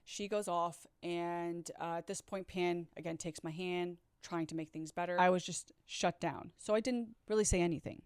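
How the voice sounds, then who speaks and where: Woman, storytime vlog, lowish voice, dry close sound, blunt, swears, chatty with viewers. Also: normal speed, hardly any pauses, clear, resonant tone, no room sound. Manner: blunt and candid, swears freely; animated, talks straight to viewers. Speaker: storyteller recounting a past relationship. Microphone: own microphone.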